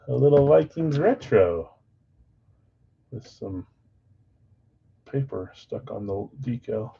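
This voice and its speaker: A man's voice: medium pitch, slow, vocal fry, pauses often, husky. Chatty man hosting a live card stream. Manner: chatty, counts down excitedly, reads viewer chat. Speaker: live card break host. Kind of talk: casual live-stream chat. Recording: slightly dull lo-fi stream audio.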